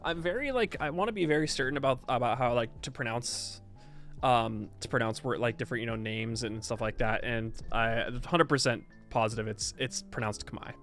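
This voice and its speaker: A male streamer talks through a game update in loose, casual chat, stalling and restarting his sentences and digging in when he insists on a point. His voice sits at an ordinary middle pitch. Quiet music plays faintly under him. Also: fairly quick. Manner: rambling, stop-start, reacts to chat, insistent. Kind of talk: casual livestream patch review.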